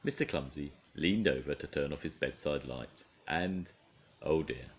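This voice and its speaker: Deep-voiced grandad reading a bedtime story. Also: male voice, measured pace, slight background noise. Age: older. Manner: expressive, playful storytelling to children. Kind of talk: storybook read-aloud.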